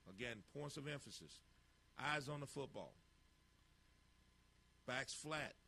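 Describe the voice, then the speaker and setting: A football coach talks over practice footage in short, clipped cues, bluntly calling out poor technique. His voice is bright and forceful, with a middle pitch. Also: animated, slow, vocal fry, breathy edge. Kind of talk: narrating a drill tape.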